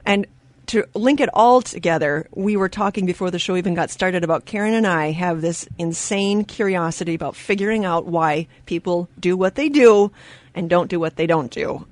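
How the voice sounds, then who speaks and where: A woman hosting a radio talk show in a studio, telling stories with lively quoted voices and frequent laughter. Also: fairly low pitch, moderate pace, no room sound. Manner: animated storyteller, acts out quoted voices; laughs often mid-sentence. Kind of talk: casual radio chat.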